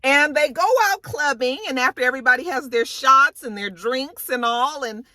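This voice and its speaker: Chatty woman vlogger, brassy and bright, swearing freely while she dishes on the episode. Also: high-pitched, normal speed, dry recording. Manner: animated, chatty, swears freely, acts out quotes. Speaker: reality show recap vlogger. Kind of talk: casual recap commentary.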